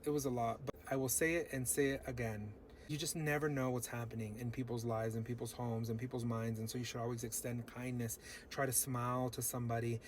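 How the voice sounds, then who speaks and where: A man's voice: on the high side, slight background noise. A man tells a personal story to his viewers in a casual, earnest and encouraging way. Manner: earnest, upbeat, encouraging, talks straight to viewers. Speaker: vlogger.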